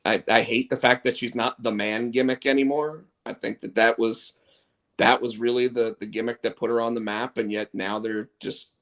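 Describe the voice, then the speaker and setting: A man's voice: mid-range voice, little pitch movement, moderate pace, a bit bright. Opinionated man chatting loosely. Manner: rambling, opinionated, many restarts. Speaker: co-host. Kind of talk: casual wrestling chat.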